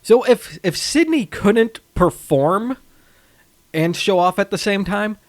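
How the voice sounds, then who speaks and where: A man with a slightly high voice that rises and falls a lot chats about a movie on a podcast, laughing easily and throwing in quoted lines. The recording is dry and close, with no room echo. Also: slow. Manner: lively, laughs often, quotes characters. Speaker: podcast co-host. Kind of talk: casual movie podcast chat.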